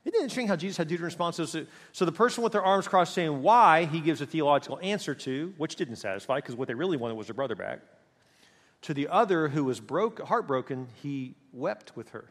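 A man preaching a sermon in an animated, storytelling way, recorded in a church sanctuary. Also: on the high side, quick pace. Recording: long hall reverb.

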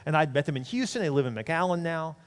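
A man's voice: fairly high pitch, lively intonation, quick pace, big-room sound. A middle-aged man, a pastor, animatedly telling a story from the pulpit and acting out the voices in it. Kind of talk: sermon storytelling.

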